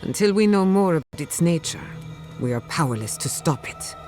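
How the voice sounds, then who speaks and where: An actor voicing a calm, measured adviser who speaks gravely in a video game. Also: mid-range voice, over music, lightly acted.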